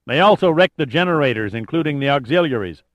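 Man voicing a gruff army major, clipped radio talk, raised pitch, louder. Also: expressive, fast, dry recording, lightly acted. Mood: blunt. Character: male major, blunt military officer on radio.

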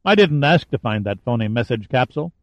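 A man voicing a tough male military hero who talks in a dry, sardonic, steady way, on a dry, slightly dull recording. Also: medium pitch, fairly quick, dry recording. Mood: defiant.

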